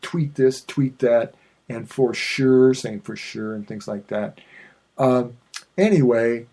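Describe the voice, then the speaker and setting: Rambling husky-voiced man hosting a podcast. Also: mid-range voice, warm tone. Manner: digressive, self-mocking, with many fillers and restarts. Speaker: podcast host. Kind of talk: rambling solo podcast chat.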